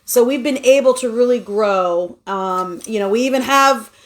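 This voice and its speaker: A chatty woman, talking as a guest in a relaxed interview. Her voice sits a bit high, and she tells her stories in an upbeat, animated way. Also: moderate pace. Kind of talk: casual conversation.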